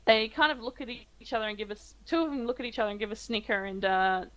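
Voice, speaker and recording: A woman's voice: on the high side, fast talker, rough recording. An Australian woman narrating a tabletop game as game master, with many ums and uhs.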